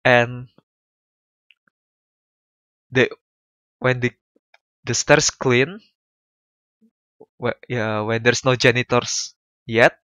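A man's voice: mid-range voice, fairly even intonation, drawn-out words, long pauses, fairly bright tone, no echo. A young man streaming a visual novel, reacting emotionally and apologizing often as he plays. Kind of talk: let's play commentary.

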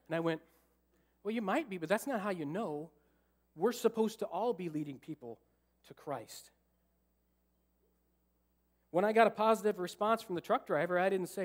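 High-voiced, animated preaching man. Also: normal speed, long pauses. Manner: animated, acts out his own thoughts and jokes with the congregation. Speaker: pastor. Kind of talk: storytelling sermon. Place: church sanctuary.

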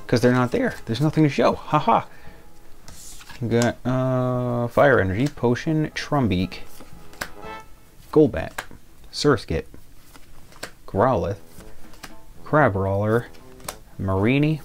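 A man's voice: mid-range voice, expressive, takes it slowly, long pauses, faint music behind. A young man casually opening trading card packs, reading out the cards and grumbling in mock outrage when the packs come up short. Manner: exasperated, muttering card names, mock outrage. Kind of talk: casual pack-opening commentary.

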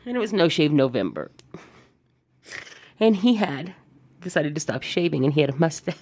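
A woman's voice: low voice, moderate pace. A middle-aged woman co-hosting a podcast in casual chat, telling stories with lots of profanity. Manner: animated storytelling, profane. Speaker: podcast co-host.

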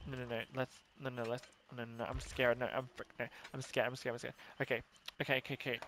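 A man's voice: mid-range voice, level tone, fast talker, a bit bright, slight background noise. A man commenting on his own gameplay, nervous and swearing, repeating himself and giving himself pep talks. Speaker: gaming streamer.

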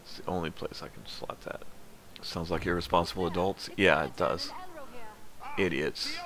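A man's voice: low voice, moderate pace, a bit bright. A man streaming a video game, chatting casually and frankly with plenty of rambling and fillers. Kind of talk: casual gameplay commentary.

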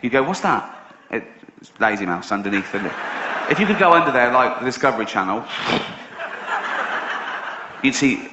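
A man's voice: medium pitch, lively intonation, moderate pace, pauses often, dull audio, very noisy. A middle-aged man doing a stand-up routine, telling a story sardonically and swearing casually. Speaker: stand-up comedian. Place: live stage show.

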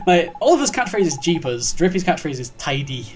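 Joking let's-play gamer, lively pitch. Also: fairly quick, few pauses, music in the background. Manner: joking, giggly asides. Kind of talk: casual game commentary.

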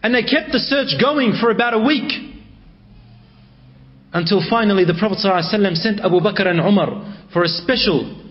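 A man's voice: sits high, a little fast, dull audio. A male preacher telling a story in a sermon, emotive and mixing in Arabic phrases.

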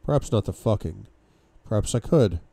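Dark-voiced man reading a novel aloud. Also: on the low side, animated, normal speed, vocal fry, no echo. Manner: dramatic first-person reading with sudden outbursts. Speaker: book club reader.

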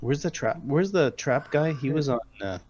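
A man's voice: medium pitch, lively intonation, moderate pace, darkish tone, highs cut off. A man playing a tabletop game, asking hesitant rules questions in casual talk. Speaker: player.

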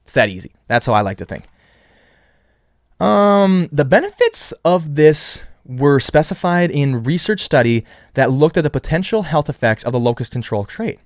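A man's voice: a little high, very animated, moderate pace, no room sound, studio quality. A man hosting a solo podcast, rambling with frequent restarts and repeated words. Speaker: podcast host.

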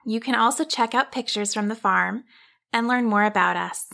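A woman hosting a children's podcast, narrating a fairy tale in a gentle, measured way. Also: fairly high pitch, creaky, no echo. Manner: gentle, measured, slow storytelling. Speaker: storyteller and podcast host.

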